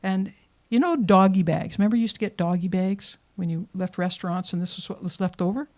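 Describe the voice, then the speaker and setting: A woman telling a story live to an audience, with dramatic pacing and hushed moments for suspense. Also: fairly low pitch, fairly quick. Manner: lively, dramatic pacing, drops to whispers for suspense. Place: performance venue showroom.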